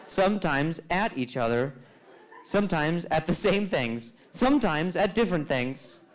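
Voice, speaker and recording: Doing crowd work on a comedy club stage before a live audience, a stand-up comedian riffs playfully with mock exasperation and stammered restarts. His voice is a little high with lively intonation and a measured pace, though the audio quality is poor.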